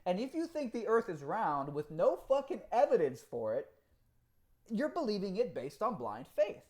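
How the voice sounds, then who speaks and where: A man chatting on a live stream, reading out comments and talking in an animated, profane way with frequent laughs. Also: high voice, normal speed. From Cuba.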